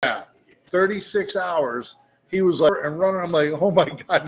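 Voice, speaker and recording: A man's voice: high-pitched, moderate pace. Profane storytelling man at a bar. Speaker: guest. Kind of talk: casual storytelling. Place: meadery bar.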